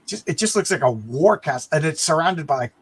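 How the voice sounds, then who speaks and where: A man's voice: on the high side, expressive, a little fast, breathy edge. A man co-hosting a casual talk about comic books, rambling and often repeating words as he thinks. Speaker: podcast co-host. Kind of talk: casual comic book discussion.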